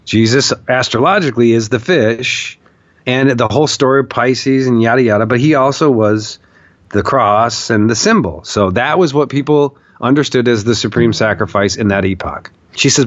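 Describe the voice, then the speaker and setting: A man with a mid-range voice speaking at normal speed recounts a story as a podcast guest, full of profanity and emphatic repeated phrases. The recording is dry but dull and muffled, and the delivery is conversational storytelling.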